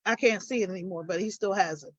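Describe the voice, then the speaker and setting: An older woman, a guest on a live stream, recounting her own story and getting animated as she retells arguments. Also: medium pitch, fast, dry recording, lo-fi sound.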